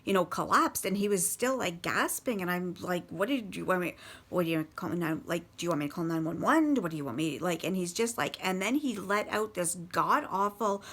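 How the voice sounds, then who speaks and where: A woman casually recounting life with a partner's drinking, halting and swearing bluntly, with many restarts. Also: lowish voice, animated, fairly bright tone. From Canada. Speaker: partner of a recovering alcoholic. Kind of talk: casual personal storytelling.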